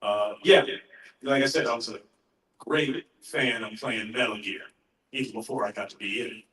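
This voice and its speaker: A middle-aged man, a voice actor, answering fan questions in a relaxed, anecdotal way at a convention panel. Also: fairly low pitch. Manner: relaxed, anecdotal, pauses to gather his thoughts. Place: large convention panel room. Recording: echoey hall, voice heard from far off.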